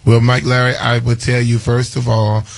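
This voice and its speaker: A man's voice: medium pitch, completely flat delivery, moderate pace, creaky. A man hosting a morning radio call-in show, effusive and full of thanks, repeating names as he talks. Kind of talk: casual call-in radio chat.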